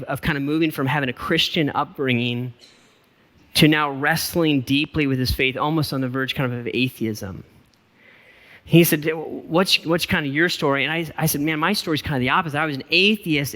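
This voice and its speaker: Pastor, middle-aged man, slightly high, ringing voice; chatty storytelling sermon, echoing church hall. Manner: casual, self-deprecating, animated storyteller. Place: church auditorium.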